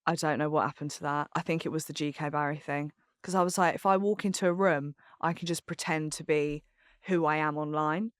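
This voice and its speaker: A woman talking as a podcast guest, candid and chatty, rambling with plenty of fillers. Her voice is smooth and clear, recorded dry and close in a studio. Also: deep voice, fairly even intonation, fairly quick, no echo. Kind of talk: casual chat.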